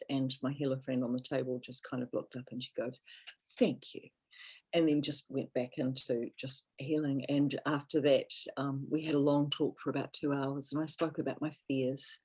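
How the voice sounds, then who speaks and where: A woman healer telling a personal story in casual podcast chat, animated when she quotes others and dropping softer at times. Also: extremely low pitch, breathy edge.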